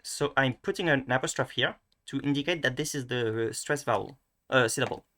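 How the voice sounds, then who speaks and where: A man's voice: medium pitch, brisk, bright, forceful tone. Hesitant French-accented man teaching pronunciation. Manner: hesitant, many restarts and fillers, thinking aloud. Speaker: language tutor. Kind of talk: casual screen-recorded lesson.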